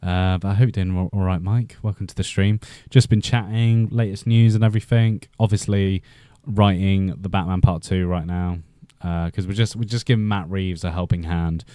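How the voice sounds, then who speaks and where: Low, mellow-voiced Welsh man chatting. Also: steady tone, moderate pace, hardly any pauses, clear, resonant tone, dry recording. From Wales. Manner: rambling, chatty, many fillers and restarts. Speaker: livestream host. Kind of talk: casual live-stream chat.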